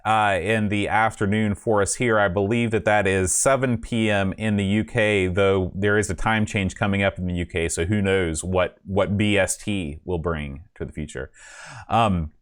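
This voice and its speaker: A man hosts a live podcast stream in a loose, casual chat. His voice is smooth and resonant, and he rambles in a self-deprecating way, full of fillers. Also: sits low, steady tone, moderate pace. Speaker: podcast host.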